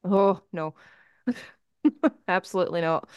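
A Scottish woman talks casually as a podcast guest. Her voice is smooth and clear, recorded close and dry. She makes fun of herself and laughs easily between her thoughts. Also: on the low side, takes it slowly, darkish tone, no echo. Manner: self-deprecating, laughs often. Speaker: podcast guest, YouTube album reviewer. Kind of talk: casual chat.

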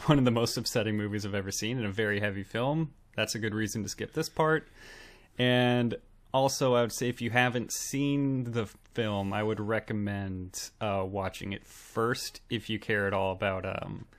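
A man co-hosting a film podcast, chatting casually with frequent ums and laughs. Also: lowish voice. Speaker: podcast co-host.

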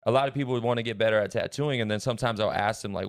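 A young man talking calmly and reflectively, offering encouragement in a casual podcast chat. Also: lowish voice, very fast, creaky, few pauses, dry recording, studio quality. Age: young adult.

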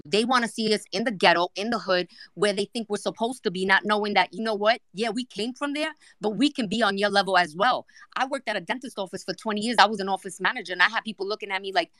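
A woman's voice: medium pitch, fast talker, hardly any pauses, no echo. Outspoken woman with a New York accent, direct and no-nonsense, recorded dry. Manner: blunt and forceful. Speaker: guest speaker. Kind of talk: outspoken casual talk.

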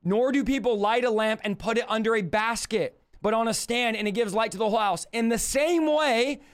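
Preaching on a live stream, a man with a strikingly high voice speaks fairly quickly and smoothly. Like a revival preacher, he swings between fired-up shouting and quieter rhetorical questions.

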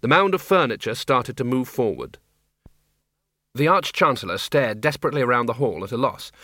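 Bright-voiced male audiobook narrator. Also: medium pitch, animated, a little fast, no room sound, studio quality. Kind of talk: scripted narration.

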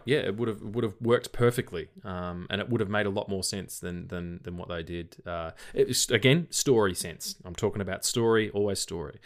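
A tired man with an Australian accent, co-hosting a film podcast in a rambling, casual way. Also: on the low side. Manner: rambling, with frequent restarts and swearing. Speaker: podcast co-host. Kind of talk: casual chat.

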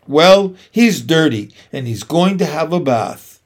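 A man's voice: on the high side, expressive, a little slow. A man reading aloud and voicing a determined farm wife who speaks firmly and matter-of-factly. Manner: firm, matter-of-fact.

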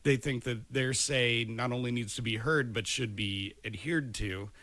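A man's voice: medium pitch, unhurried, bright, forceful tone, no room sound. A man co-hosting a podcast in casual chat, blunt and opinionated, with frequent swearing. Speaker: podcast co-host. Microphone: studio microphone.

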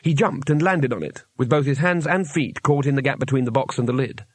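A man narrating a fantasy novel audiobook in an even storytelling manner. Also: medium pitch, a little fast, no echo. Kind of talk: scripted narration.

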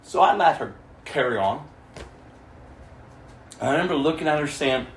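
A man preaching his testimony as a story, swinging between loud stretches and hushed ones. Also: a little high, expressive, moderate pace. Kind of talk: sermon testimony. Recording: echoey room, mic far off, faint noise.

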